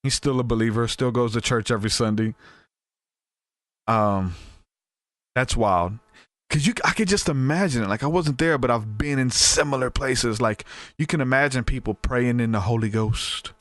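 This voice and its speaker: A man's voice: mid-range voice, moderate pace, dry recording. Guy hosting a podcast, chatty, rambles, dry mic sound. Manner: animated, rambling, with frequent restarts and asides. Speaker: podcast host. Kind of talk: casual storytelling.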